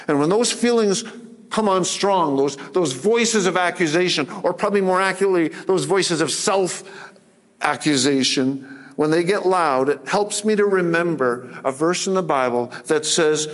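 A man preaching a sermon as pastor, earnest and plain-spoken, rising to emphatic force when he recites scripture. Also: on the high side. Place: church sanctuary. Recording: sermon with long hall reverb.

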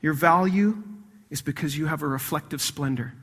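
A man preaching a sermon as pastor, animated, swinging between loud emphasis and hushed intensity. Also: a little high, moderate pace, breathy edge, big-room sound.

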